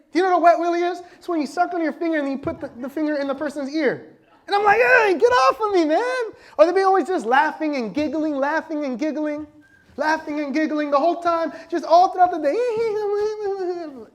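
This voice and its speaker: High-voiced man preaching with playful energy. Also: a little fast. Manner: lively conversational preaching with constant audience questions; laughs easily and jokes with the congregation. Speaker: pastor. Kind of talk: sermon.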